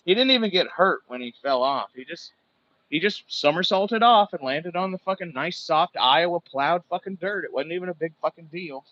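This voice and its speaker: A man's voice: a little high, lively intonation, normal speed, highs cut off. A man from Alaska hosting a casual livestream while whittling, telling stories in a rambling, profane way. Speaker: livestream host. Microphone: phone set far from him.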